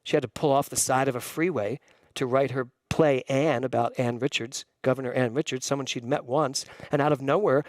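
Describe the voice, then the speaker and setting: A man giving a sermon as minister, preaching emphatically, jumping up in pitch and slowing down to stress key phrases. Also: fairly even intonation, dry recording.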